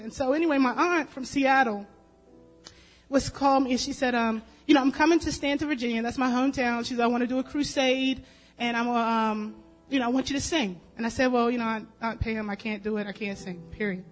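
A woman's voice: a little high, fast talker, soft background music, low-quality recording. A woman giving a personal testimony at a church service, telling her story casually with lots of fillers. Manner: chatty, storytelling, many fillers.

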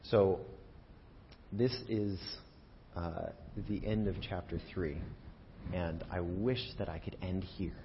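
Guy pastor giving a casual funny sermon, lowish voice, kinda dull recording with faint rumble. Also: slow pace, pauses often. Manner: conversational and humorous, animated retelling. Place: church sanctuary.

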